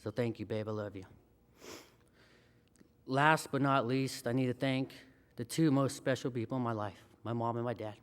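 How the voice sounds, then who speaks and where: A man's voice: mid-range voice, steady tone, moderate pace, pauses often, clean tone. A man in his thirties giving a heartfelt, emotional acceptance speech as a hall of fame inductee.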